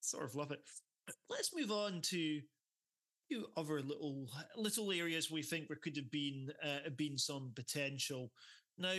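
A man co-hosting a film podcast in casual chat, animated and laughing often. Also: fairly high pitch, unhurried. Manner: animated, laughing often, mimics characters in quotes. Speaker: podcast co-host.

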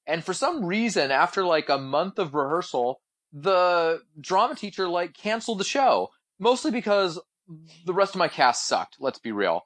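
A man's voice: high voice, big pitch swings, normal speed, fairly bright tone. A young man co-hosting a casual podcast, blunt and opinionated, swearing freely. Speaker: podcast co-host.

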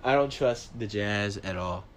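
A man hosting his own podcast, ranting in a casual, profane, animated way, his voice jumping high when he gets worked up. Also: unhurried. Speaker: podcast host. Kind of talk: solo casual podcast rant.

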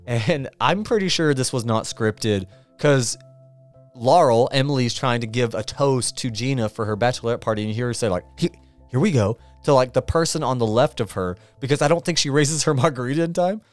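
A man's voice: medium pitch, a little fast, soft background music. A man hosting a podcast, recapping a movie in a casual, rambling, amused way with many fillers. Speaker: podcast host.

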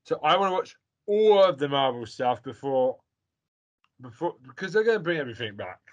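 A man hosting a casual chat over a video call, jokey and excitable, swearing freely. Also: medium pitch, fairly quick, dull audio.

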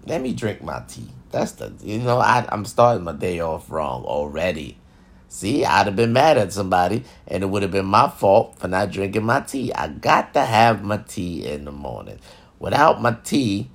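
Low-voiced man on a cussing rant. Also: lively intonation, a little slow, pauses often. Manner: repetitive, preachy and heavy with cursing. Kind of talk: profane comedic rant to camera.

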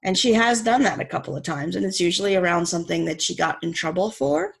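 A woman's voice: lowish voice, animated, fast, vocal fry, breathy edge. A woman in casual conversation, affirming her partner and telling stories about parenting her young daughter. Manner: warm, affirming, quotes her child in storytelling.

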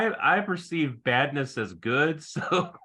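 A man's voice: on the high side, expressive, slow, bright, forceful tone. A man co-hosting a casual podcast, cracking sarcastic jokes and mocking the plot. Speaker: podcast co-host. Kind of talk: casual episode recap chat.

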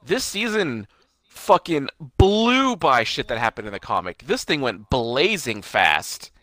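Man, bright, sharp voice, casual hedging chatter with some swearing, dry close mic. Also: medium pitch, very animated, unhurried, no echo. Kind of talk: casual chat.

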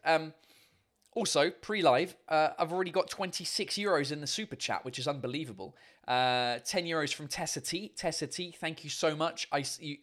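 A man's voice: a little high, fairly bright tone. A man hosting his own live stream show, chatting casually and swearing freely.

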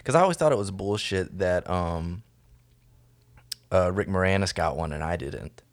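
A man's voice: low-pitched, lively intonation, normal speed. A man co-hosting a casual podcast, dry and sarcastic, swearing casually. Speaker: podcast co-host. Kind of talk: casual chat.

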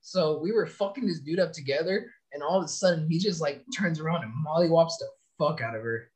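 A man's voice: fairly high pitch, fairly quick. A young man from California, a soldier, telling long profane stories in casual chat. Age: young adult. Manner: profane, rambling storytelling. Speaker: soldier podcast guest.

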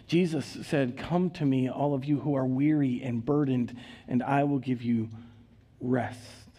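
A man with a Minnesotan accent preaching a sermon in a church, earnest, reading scripture with dramatic rises and leading prayer in a hushed voice. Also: medium pitch, fairly even intonation, normal speed. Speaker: pastor. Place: church sanctuary.

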